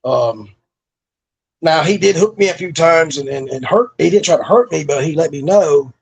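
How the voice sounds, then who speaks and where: A man's voice: a little high, animated, normal speed, creaky, breathy edge. A middle-aged man, a former pro wrestler, telling stories from his career in a laid-back, profane way, with lots of fillers. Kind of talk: casual storytelling interview.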